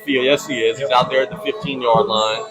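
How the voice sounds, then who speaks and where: A man calling play-by-play for a high school football game, brisk and easygoing, chuckling now and then. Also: fairly even intonation, over music, rough recording. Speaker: play-by-play announcer.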